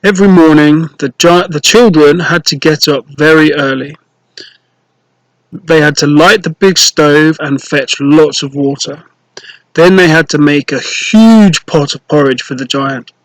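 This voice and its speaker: A man reading a children's storybook aloud, slow, clear and playful, with rhymes. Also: a little high, no echo, low-quality recording.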